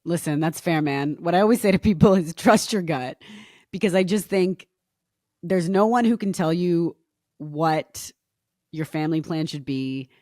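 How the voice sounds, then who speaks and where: A woman's voice: lowish voice, moderate pace, darkish tone, no room sound, clean studio sound. A woman in her thirties from Canada, a podcast guest talking candidly and reflectively in casual chat. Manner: candid, reflective, often laughs.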